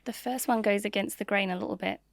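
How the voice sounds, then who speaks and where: A woman's voice: mid-range voice, steady tone, fast, creaky, dry recording. A middle-aged woman, a marketing leader, telling frank stories in an interview on a close podcast mic. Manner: frank, open, storytelling. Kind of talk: candid interview conversation.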